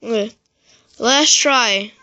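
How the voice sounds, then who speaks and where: A gaming YouTuber giving raging gameplay commentary, swearing and yelling in frustration and muttering to himself between outbursts. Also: mid-range voice, takes it slowly, background noise.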